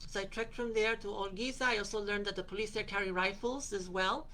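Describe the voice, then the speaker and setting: A woman's voice: mid-range voice, fairly even intonation, fairly quick, pushed and bright, slight background noise. A woman hosting a podcast, telling a personal travel story in a rambling way, with many fillers and restarts, and quoting the people she met. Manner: quotes other people in her retelling. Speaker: podcast host.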